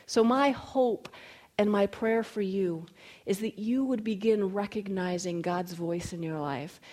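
A woman preaching a sermon, telling personal stories in an animated way and going soft and slow on key lines. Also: mid-range voice. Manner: animated storytelling with quoted voices. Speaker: speaker.

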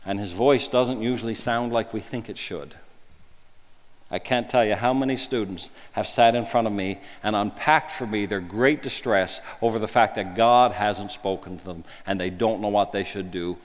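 A man's voice: lowish voice, moderate pace. Man preaching in a reverberant hall. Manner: conversational, full of rhetorical questions, swings between emphatic and hushed. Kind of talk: sermon.

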